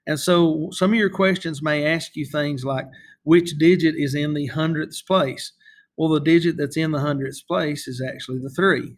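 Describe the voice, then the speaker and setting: A man teaching a recorded math lesson, patient and repeating himself, often checking in with "okay?" as he writes on the screen. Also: fairly high pitch.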